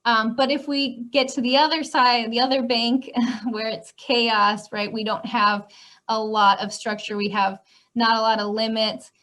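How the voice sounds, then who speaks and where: A woman from Minnesota with a Minnesota accent, a school counselor explaining parenting strategies gently, often adding 'um' and 'right?'. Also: a little high, level tone, measured pace. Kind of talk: parenting presentation.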